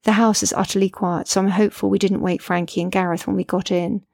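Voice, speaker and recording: A woman's voice: mid-range voice, little pitch movement, fast talker, gravelly, darkish tone, no room sound, studio quality. A middle-aged woman, a mother, narrating her memoir in an earnest, reflective way.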